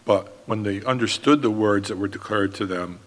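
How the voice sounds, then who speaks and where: A man preaching a sermon as pastor, in an earnest, steady manner. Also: fairly low pitch, normal speed, in a large hall.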